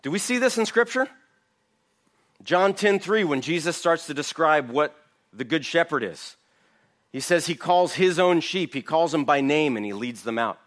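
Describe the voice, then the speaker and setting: A man's voice: a little high, expressive, moderate pace, a bit bright. Emphatic man teaching a sermon. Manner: emphatic, asks the audience rhetorical questions. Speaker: Bible teacher. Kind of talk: sermon, verse-by-verse Bible teaching.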